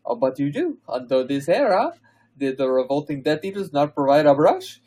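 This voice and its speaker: A man voicing an elegant young French woman with a high falsetto and a put-on French lilt, as part of a comedic podcast reading. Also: very animated, normal speed, warm tone. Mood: gushing.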